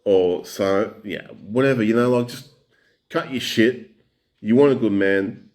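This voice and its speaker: A man's voice: on the low side, measured pace, a little mellow. A man ranting in a reaction commentary, blunt, angry and full of swearing.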